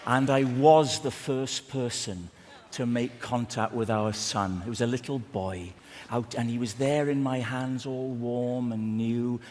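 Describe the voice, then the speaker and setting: A man from Wales telling a long story on a theatre stage, slow and dramatic. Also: mid-range voice, fairly even intonation, darkish tone, in a large hall, a little hiss or hum. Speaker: stand-up comedian. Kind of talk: stand-up storytelling.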